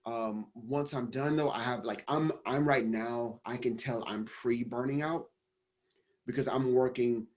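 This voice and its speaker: A business coach talks casually in an interview, rambling and restarting his sentences. He is a man with an ordinary middle pitch. His talk is relaxed and loose. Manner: rambling, many restarts and fillers. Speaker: business coach and company founder.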